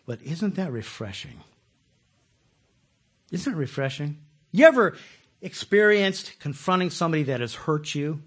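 Male pastor, husky voice with big swings in pitch, chatty sermon delivery that acts out its quotes. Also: a little slow, long pauses. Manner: animated, acts out quoted voices, asks the listeners questions. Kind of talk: conversational sermon.

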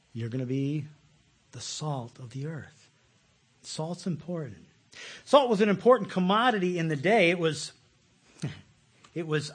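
Animated husky preacher man. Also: fairly high pitch. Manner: folksy, animated, laughs often, repeats words. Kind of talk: sermon.

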